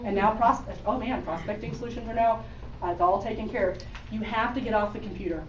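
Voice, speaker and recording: A woman's voice: mid-range voice, quick pace, slight background noise. Chatty woman giving a sales talk. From Oregon. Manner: chatty, laughing, addresses audience directly. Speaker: sales trainer speaking to a group. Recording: echoey room, distant mic, dull sound.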